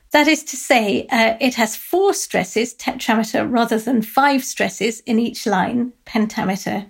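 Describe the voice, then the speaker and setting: A woman professor giving a thoughtful close-reading, pausing with frequent ums and uhs and quoting lines aloud. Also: a little high, vocal fry. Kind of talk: lecture close-reading of a text.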